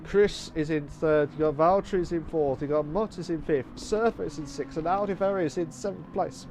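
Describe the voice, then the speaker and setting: A man commenting live on a sim race, excitable and repeating phrases, breaking into shouts. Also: on the high side, fairly quick, slight background noise.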